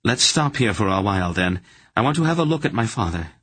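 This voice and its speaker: A man's voice: lowish voice, very animated, fairly quick, fairly bright tone, husky, no room sound, pitched above the performer's own voice, heavily acted. Man voicing a firm sorceress. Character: commanding female sorceress, calm and firm.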